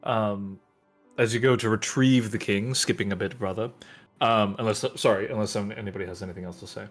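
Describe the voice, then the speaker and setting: A man's voice: on the low side, fairly even intonation, fairly quick, faint music behind. A man running a tabletop game as game master, joking and often hesitating. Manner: loose, jokey and hesitant.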